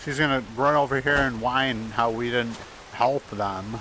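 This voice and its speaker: A man's voice: mid-range voice, measured pace, pushed and bright, a little hiss or hum. A man giving casual, offhand commentary while playing a video game, cracking jokes as he goes. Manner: joking, offhand. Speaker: gamer.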